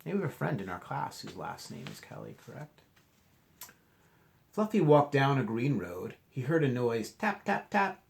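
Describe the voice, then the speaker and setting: A male teacher reading a children's picture book aloud, animated and asking the class questions. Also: medium pitch, normal speed, creaky.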